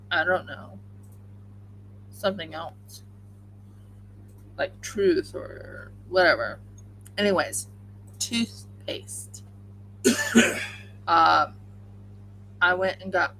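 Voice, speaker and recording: A woman's voice: fairly low pitch, creaky, bright, forceful tone, slight background noise, poor audio. A woman hosting a crafting livestream, chatting casually and rambling with many fillers while she crochets at home.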